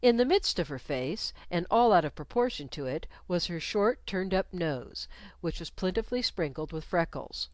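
A woman reading a story aloud in an expressive, measured way. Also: fairly low pitch, dry recording. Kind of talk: scripted storybook narration.

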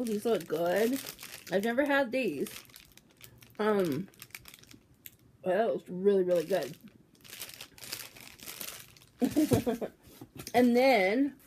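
Gushing woman unboxing, slow and chatty. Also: mid-range voice, a little hiss or hum. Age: 40s. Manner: gushing, excitable, trails off with fillers. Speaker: YouTuber opening a mail package. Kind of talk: casual unboxing vlog.

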